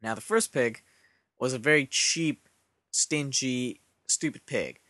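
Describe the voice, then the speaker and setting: A man hosting a podcast, telling a comic story in a deadpan way with rambling asides. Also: medium pitch, slow pace, no room sound, clean studio sound. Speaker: podcast host.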